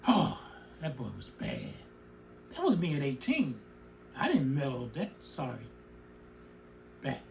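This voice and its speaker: Middle-aged male host, emotional opinion monologue, very lively pitch. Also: measured pace, creaky, long pauses, slight background noise. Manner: animated, emotional, digresses and comments on his own speech. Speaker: show host.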